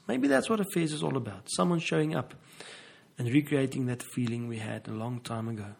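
Guy therapist giving an earnest talk on relationships, breathy husky voice, middle pitch. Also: expressive, fairly quick, rough recording. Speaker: couples therapist. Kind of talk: reflective motivational talk.

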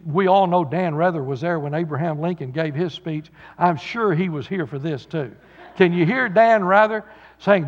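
High-voiced preacher in echoey church. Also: male voice, moderate pace. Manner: folksy, paraphrasing scripture with repeated restarts. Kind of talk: sermon. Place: church sanctuary. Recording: muffled recording in a reverberant church.

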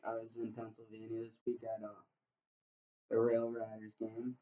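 A man telling a story in casual podcast chat, deadpan and profane, acting out what people said. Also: on the low side, normal speed, slight background noise. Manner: deadpan, profane, acts out quotes. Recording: distant, dull lo-fi mic.

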